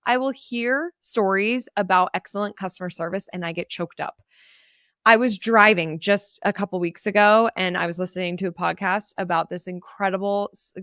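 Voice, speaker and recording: A woman's voice: medium pitch, a bit bright, no room sound, clean studio sound. A woman hosting her own podcast, giving a chatty, enthusiastic solo update that gets emotional at times. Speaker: podcast host.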